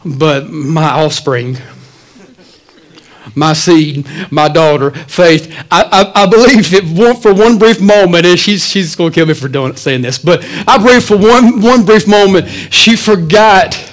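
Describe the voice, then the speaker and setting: A man, the pastor, preaching a sermon in a church, swinging between loud, animated stretches and quiet asides. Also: sits high, a little slow, rough recording.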